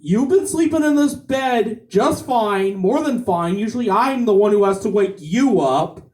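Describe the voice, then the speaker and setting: A man voicing a weary husband of thirty years, in a low, tired, deadpan tone. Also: measured pace, recorded from a distance.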